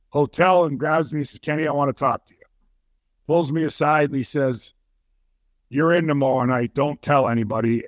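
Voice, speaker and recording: Older male interview guest, lively storyteller, medium pitch, dead dry recording. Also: no echo. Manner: animated storytelling, many restarts. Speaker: former hockey player guest.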